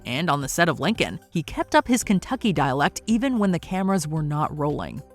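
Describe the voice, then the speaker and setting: A woman's voice: deep voice, sing-song, a little fast. A woman narrating a scripted countdown video in an upbeat, bouncy way. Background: faint music.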